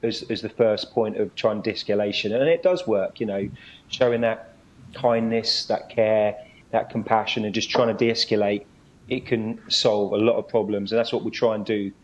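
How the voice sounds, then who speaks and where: Cop guest on a video call, friendly and agreeable, bit dull and lo-fi, faint hiss. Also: male voice, lowish voice, fairly even intonation, moderate pace. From United Kingdom. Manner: friendly, affirming, hesitant with ums. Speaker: guest police inspector. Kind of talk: casual interview chat.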